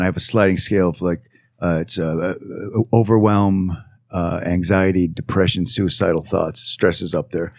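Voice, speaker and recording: A man speaking as a podcast guest in casual conversation, earnest and reflective, pausing often with fillers. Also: low voice, a little mellow, no room sound.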